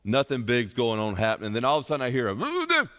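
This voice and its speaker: A man's voice: medium pitch, huge pitch swings, fast, a bit bright, clear, resonant tone. A middle-aged man, a pastor leading a Bible study, preaching in a conversational way and telling folksy stories as illustrations. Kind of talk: conversational sermon. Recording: long hall reverb.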